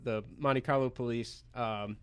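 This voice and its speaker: An American man, a poker pro guest on a radio show, telling a story in an animated, chatty way and laughing as he goes. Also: medium pitch, a little slow, smooth. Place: radio studio.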